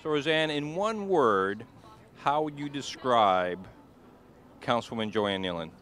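A man's voice: medium pitch, expressive, unhurried, fairly bright tone, slight background noise. A man interviewing people at a downtown event, friendly and joking. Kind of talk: street interview. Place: outdoors downtown at night.

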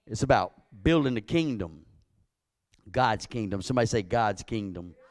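A man preaching a sermon as pastor, calling out to his congregation and building to loud emphatic peaks. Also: fairly low pitch, animated, normal speed, no room sound.

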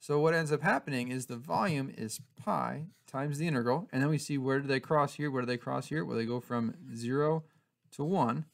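A man with a gravelly voice teaches calculus. He talks at an ordinary pitch, relaxed and chatty, with casual fillers as he explains. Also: moderate pace. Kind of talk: casual math lesson.

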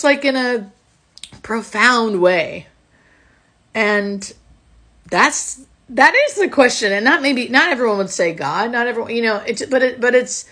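A woman hospice nurse telling a story casually to her phone camera, reflective and soft-spoken, often trailing off at the ends of phrases. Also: mid-range voice.

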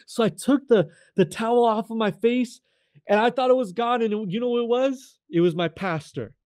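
A young man with a high, light voice tells his faith testimony as a guest. He talks animatedly and acts out the people in his story. The sound is close and dry, with no room echo. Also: moderate pace, clean tone. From California. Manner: animated, acts out quoted voices, addresses the host by name often.

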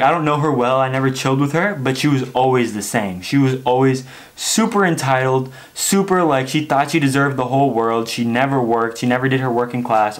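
A young man rants straight to camera in a loose, chatty vlog. He tells stories in an animated way, dropping "like" and "okay?" all the time, and his voice sits at a mid pitch. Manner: animated storytelling, frequent "like" and "okay?". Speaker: wrestling vlogger. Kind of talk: casual vlog rant.

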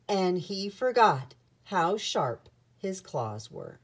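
A woman reading a children's picture book aloud with an expressive storytelling manner. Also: medium pitch, slow pace.

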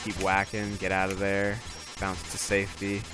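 A man streaming a video game live, excitably talking himself through boss fights and swearing often. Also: low-pitched, normal speed, over loud music. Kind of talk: live gameplay commentary.

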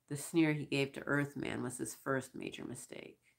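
A woman reads first-person science fiction in a deep, gravelly register. Her delivery is measured, with a dry, wry edge. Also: steady tone. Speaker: audiobook reader. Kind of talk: first-person sci-fi narration.

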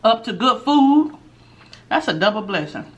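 A woman's voice: fairly high pitch, very animated, measured pace, highs cut off. Chatty middle-aged woman eating on camera. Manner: chatty, talks while chewing, drops to a hushed voice for gossip. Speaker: mukbang host. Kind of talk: casual eating chat to viewers.

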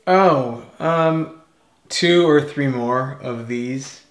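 A man in casual conversation as co-host of a homestead video, talking haltingly with many restarts and trailing off quietly. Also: mid-range voice. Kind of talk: casual chat. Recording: echoey room.

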